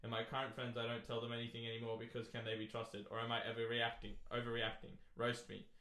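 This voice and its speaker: A man's voice: mid-range voice, completely flat delivery, quick pace, pushed and bright, echoey room. A man co-hosting a casual chat podcast, joking with his co-host and reading out a long listener letter with frequent laughs. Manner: laughs often, reads aloud at length.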